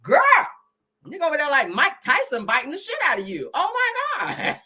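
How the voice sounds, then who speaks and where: A woman's voice: sits high, big pitch swings, brisk, pushed and bright. A woman hosting a casual gossip commentary live stream, brash and profane, laughing often and calling her viewers "girl.". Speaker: host.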